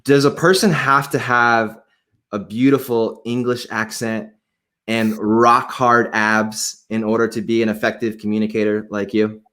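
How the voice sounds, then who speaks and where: A man hosting an interview show, talking in an excited, enthusiastic way. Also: on the low side, measured pace. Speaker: podcast host.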